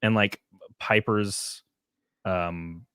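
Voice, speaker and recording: A man's voice: on the low side, steady tone, very slow, pushed and bright, clean tone, no room sound, clean studio sound. A man with a Southern American accent hosting a casual livestream chat, laid-back and rambling, laughing often. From Southern United States. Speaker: podcast host.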